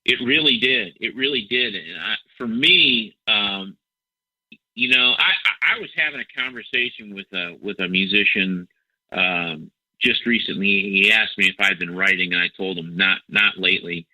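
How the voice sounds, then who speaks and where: A man's voice: low-pitched, normal speed, bright, forceful tone, dry recording. Nasal middle-aged man, rambling and chatty. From Ohio, US. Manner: rambling, repeats words, self-mocking humor. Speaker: musician guest. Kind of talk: casual interview chat. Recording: dull dry phone-like audio.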